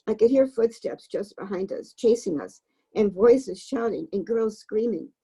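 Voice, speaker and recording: A woman reading a novel aloud for a book club, in a gravelly, husky voice. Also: mid-range voice, expressive, measured pace, mellow, rough recording.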